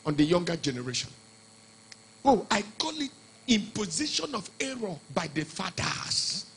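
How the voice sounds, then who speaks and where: A man preaching a sermon as pastor, shifting between hushed storytelling and shouted exhortation. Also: sits high, very animated, normal speed, gravelly, over music, poor audio.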